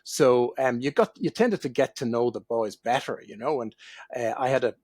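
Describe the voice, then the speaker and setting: A man's voice: medium pitch, moderate pace, a little mellow, slightly rough, no room sound. A middle-aged Irish man, a guest on a remote call from home, telling a story with a wry, self-deprecating manner. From Ireland. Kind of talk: casual interview storytelling.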